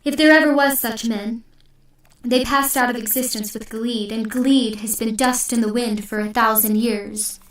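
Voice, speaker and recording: A woman's voice: fairly high pitch, fairly even intonation, moderate pace, fairly bright tone, close to an everyday voice. A woman voicing an angry, heavyset male farmer who blusters scornfully. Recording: echoey room, distant mic.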